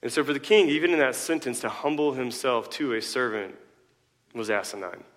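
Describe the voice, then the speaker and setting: A man's voice: medium pitch, fairly quick, big-room sound. A male pastor preaching a sermon in a conversational way, full of rhetorical questions and joking asides.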